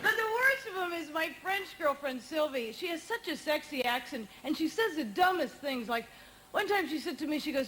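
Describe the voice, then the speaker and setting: A woman performing a stand-up comedy routine on a TV studio stage, with a wry, punchy deadpan delivery. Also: high-pitched, normal speed. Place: TV studio stage with a live audience. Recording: noisy old 1980s TV broadcast tape.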